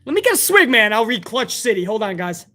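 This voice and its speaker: Stream host: man, hoarse, very high and bright, excitable, swears freely while reading fan messages. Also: quick pace. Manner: profane, excitable, chummy. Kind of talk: casual livestream commentary, reading fan messages.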